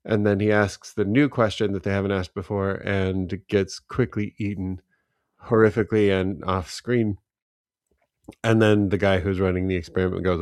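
Male podcast co-host, low voice, deliberate storyteller, dry booth. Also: flat delivery, darkish tone, dry recording. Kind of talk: casual chat.

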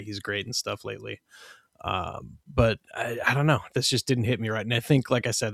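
A man's voice: medium pitch, a bit bright, no room sound. Laid-back, hesitant man in dry sound. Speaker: podcast co-host. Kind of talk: casual movie review chat.

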